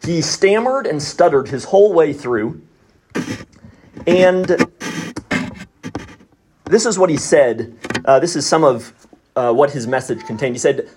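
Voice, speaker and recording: A man telling a story in a casual, animated way as a podcast guest. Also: a little high, a little slow, long pauses. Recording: noisy recording.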